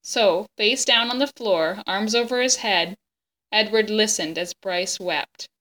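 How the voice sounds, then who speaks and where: Bright-voiced woman reading a storybook aloud. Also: medium pitch. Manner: gentle, expressive, pauses to explain. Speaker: reader of a children's book. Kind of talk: reading a chapter book aloud to children.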